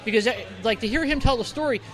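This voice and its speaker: A man's voice: very high-pitched, quick pace, fairly bright tone. A man co-hosting a casual podcast, rambling with lots of fillers and restarts, recorded in the corner of a bar. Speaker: podcast co-host. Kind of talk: casual chat.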